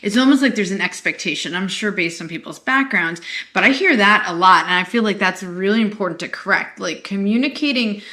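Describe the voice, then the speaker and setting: A woman psychologist co-hosting a podcast, talking in an animated, emphatic way with frequent rhetorical questions. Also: mid-range voice, brisk. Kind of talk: casual conversational chat.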